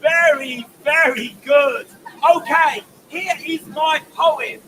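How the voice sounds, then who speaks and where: High-voiced man shouting poems outdoors. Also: takes it slowly. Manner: playful, exuberant, often shouting to the crowd. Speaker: performance poet. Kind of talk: street performance poetry with audience participation. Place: outdoors on a city street. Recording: distant mic, crowd and street noise.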